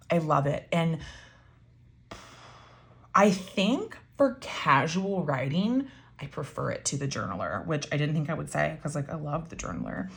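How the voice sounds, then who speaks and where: A woman with a low voice talks her way through a show-and-tell, chatty and enthusiastic, full of likes and ums. Her voice has a gravelly fry that gets a bit froggy. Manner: chatty, enthusiastic, many fillers. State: voice getting froggy. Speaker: pen and ink vlogger. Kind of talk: casual show-and-tell while writing.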